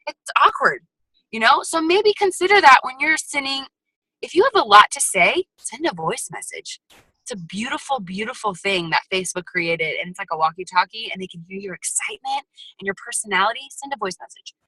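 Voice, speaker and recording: A woman giving a motivational sales training talk over a video call, lively and sassy with chatty asides. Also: a little high, a little fast, no room sound, rough recording. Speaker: guest speaker at a sales team training.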